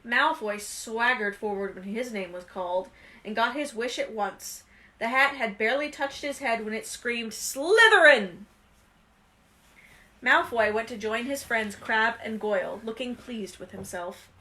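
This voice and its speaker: Expressive woman reading a storybook aloud. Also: a little high, normal speed. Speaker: reader. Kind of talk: reading a children's novel aloud.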